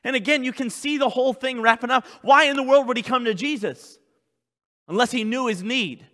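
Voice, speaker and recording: A male pastor preaching a sermon in a church, swinging from loud shouts to low, quiet passages. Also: brisk, in a large hall. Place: church sanctuary.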